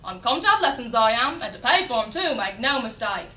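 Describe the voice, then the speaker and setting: A woman playing Eliza Doolittle, loud and brash. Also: fairly high pitch, very animated, a little fast, slight background noise. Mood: indignant. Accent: cockney. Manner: loud, defiant and indignant. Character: brash cockney flower girl, young, proud. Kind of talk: recitation in a speech competition. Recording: echoey room from a distance.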